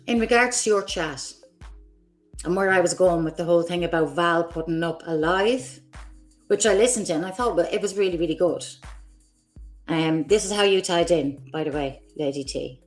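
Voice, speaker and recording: A woman's voice: on the low side, moderate pace, soft background music. A woman hosting her own livestream, delivering an angry, profane, confrontational rant at other creators. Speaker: streamer host.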